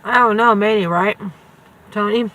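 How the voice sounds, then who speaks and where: A man's voice: high-pitched, measured pace, pushed and bright, low-quality recording. A man in his forties hosting a casual live group chat, hyped and calling out religious phrases. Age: 40s. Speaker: live stream host.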